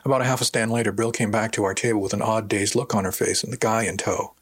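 Low, husky male audiobook narrator. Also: fairly even intonation, quick pace, hardly any pauses. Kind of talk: scripted first-person narration. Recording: dry close recording.

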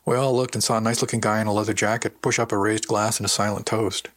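An audiobook narrator tells a first-person story with dry, wry delivery. His voice sits lowish with little pitch movement, and he speaks fast with a fairly bright tone. The recording is dry and close.

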